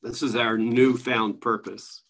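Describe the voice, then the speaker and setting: Guy running an online study group on a video call, laid back, chuckly, mid pitch. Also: unhurried. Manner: relaxed, chuckling, conversational. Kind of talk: casual spiritual teaching.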